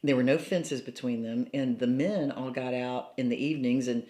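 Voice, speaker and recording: An older woman from Mobile, Alabama, talks casually about her memories in an interview, chatty and laughing a lot between phrases. She has a rumbling low, dark voice with fairly even intonation at a normal speed. The recording, made indoors in a cottage, has a roomy echo.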